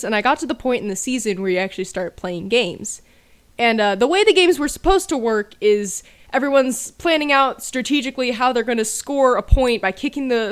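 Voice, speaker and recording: Young woman telling a dry, self-mocking story. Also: a little high. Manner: self-deprecating, dry humor. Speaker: storyteller over gameplay. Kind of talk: casual storytime narration.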